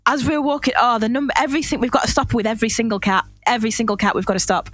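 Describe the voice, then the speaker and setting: A young woman chats on a podcast, her voice sitting a little high. She tells stories in a loose, rambling way, laughing often and restarting her sentences. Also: fairly even intonation, rapid-fire, fairly bright tone, dry recording, faint music behind. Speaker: podcast co-host. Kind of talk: casual chat.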